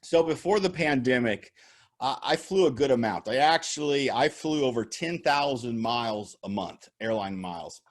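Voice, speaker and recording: Upbeat male keynote speaker on a video call, animated storyteller who laughs at his own jokes, bright, swinging delivery. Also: medium pitch, normal speed. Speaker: motivational speaker. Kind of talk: virtual keynote talk with storytelling.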